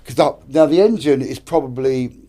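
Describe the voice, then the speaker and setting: A middle-aged British actor and director, speaking with a British English accent, tells casual stories as a guest in a podcast studio. His voice is medium in pitch and warm, at a moderate pace. He swears a lot and acts out other people's lines.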